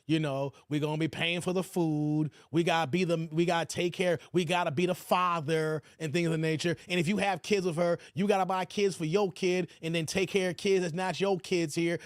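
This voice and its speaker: Animated man reacting for his chat. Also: high-pitched, no room sound, studio quality. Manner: animated, talks to the chat in slang, mocking asides. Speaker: commentator reacting to a video. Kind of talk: livestream reaction commentary.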